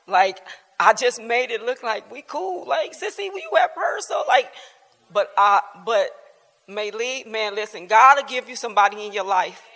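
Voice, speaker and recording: A woman shares her story at a church bible class, loose and colloquial, breaking into laughter as she goes. Her voice is bright and ringing, and it echoes through a large, reverberant church hall. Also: mid-range voice, normal speed. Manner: colloquial, laughing often, animated. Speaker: church member giving testimony at bible class. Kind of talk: personal testimony, casual storytelling.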